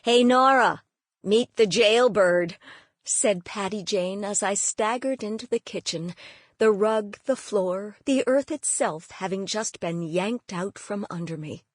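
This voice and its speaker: A woman narrating a novel in the first person with a wry, measured storytelling manner. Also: mid-range voice, darkish tone, dry recording, clean studio sound. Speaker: audiobook narrator.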